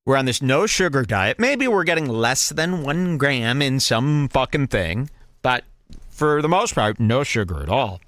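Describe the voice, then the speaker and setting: A man's voice: mid-range voice, measured pace, dry recording. A man co-hosting a podcast, telling a comic story and acting out the people in it. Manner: animated, mimics people in stories. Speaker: podcast co-host. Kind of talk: casual comedic storytelling.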